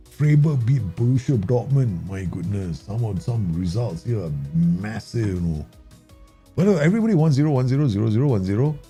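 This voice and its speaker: A man, excitedly commenting on his own football management game for viewers. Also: on the low side, slightly rough. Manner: excitable, laughs often, talks to viewers. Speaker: gaming YouTuber.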